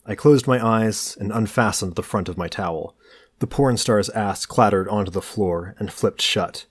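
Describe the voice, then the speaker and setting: A man narrating a novel in an even, understated way. His voice sits on the low side, and he keeps his delivery dry and unhurried. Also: breathy edge. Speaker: audiobook reader. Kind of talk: novel reading.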